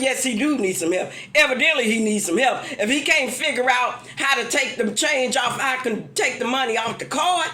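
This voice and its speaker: A woman's voice: high voice, echoey room. A woman telling a story to her viewers, exasperated and laughing as she vents. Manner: animated, exasperated, laughing while venting. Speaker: vlogger. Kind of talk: casual storytelling rant.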